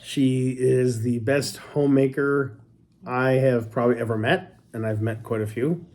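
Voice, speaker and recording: In a relaxed couple chat, a chatty Canadian co-host talks with his wife, drifting between stories, cracking jokes, and poking fun at himself. He speaks at a typical middle pitch with a darkish tone, and his style is talkative, humorous, and self-deprecating.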